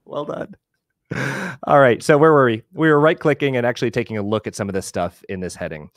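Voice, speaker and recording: A man giving a relaxed live screen-share tutorial on a video call, explaining as he clicks through. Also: medium pitch, fairly quick, no room sound, clean studio sound. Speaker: webinar instructor.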